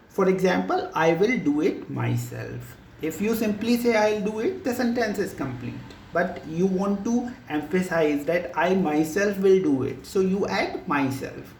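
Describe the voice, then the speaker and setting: Slow, deliberate grammar teacher, echoey room. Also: mid-range voice, a little mellow, a little hiss or hum. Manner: slow, deliberate explaining with many examples. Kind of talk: recorded grammar lesson.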